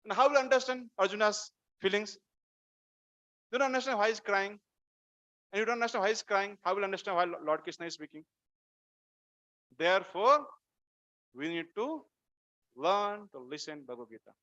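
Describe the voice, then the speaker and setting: A man with an Indian English accent giving an animated devotional lecture on scripture, asking his listeners rhetorical questions. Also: high voice, moderate pace, pauses often, muffled recording. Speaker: temple speaker.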